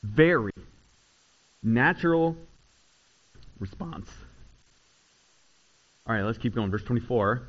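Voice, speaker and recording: A man preaching a sermon, swinging between loud, rising retellings and quiet, low asides. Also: animated, slow, long pauses, highs cut off. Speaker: pastor.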